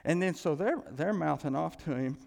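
A man preaching a sermon in a conversational, animated storytelling way. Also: a little high, normal speed, creaky. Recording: reverberant hall.

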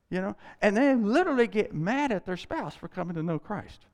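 A male pastor preaching a sermon on a scripture passage, animated and acting out the quoted lines. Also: high voice, fairly quick, hardly any pauses. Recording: long hall reverb.

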